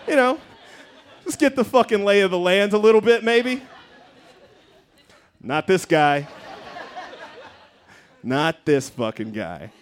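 High, lively-voiced man telling a funny story. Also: a little hiss or hum. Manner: animated, profane, laughs through his lines. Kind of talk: live comedic storytelling.

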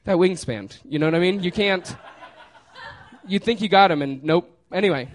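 A man's voice: high-pitched, moderate pace. Laughing man telling a story. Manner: casual and laughing, with lots of fillers.

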